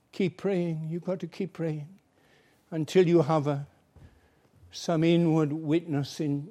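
A man's voice: a little high, warm tone. A male preacher giving an earnest, pleading evangelistic sermon, acting out little everyday dialogues.

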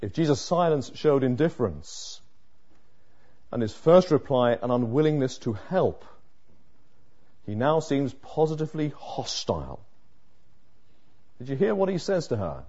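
A man preaching an expository sermon, dramatic, moving from hushed lines to emphatic ones. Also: medium pitch, big pitch swings, unhurried, pauses often. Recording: muffled lo-fi sermon recording.

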